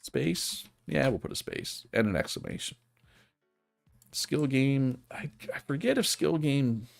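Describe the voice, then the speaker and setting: A man's voice: mid-range voice, animated, unhurried, gravelly, faint music behind. A man streaming a management game, chatting casually and thinking aloud with many fillers and restarts. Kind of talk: casual gameplay commentary.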